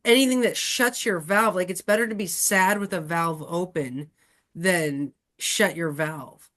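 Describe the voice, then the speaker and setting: A woman astrologer hosting a casual podcast chat, talking in an animated, chatty way with many fillers. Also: fairly low pitch, measured pace. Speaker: astrologer and host.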